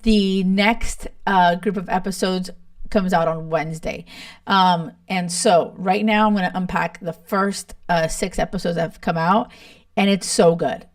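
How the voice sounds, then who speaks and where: A woman's voice: lowish voice, fairly even intonation, measured pace. A young woman hosting a podcast, chatting casually and laughing often, with many fillers like "like" and "you know". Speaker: podcast host. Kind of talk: casual chat recapping a reality show.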